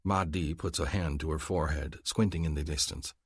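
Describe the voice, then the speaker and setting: A man narrating a romance audiobook in the first person, measured and earnest. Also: very deep voice, steady tone, husky, no echo, clean studio sound.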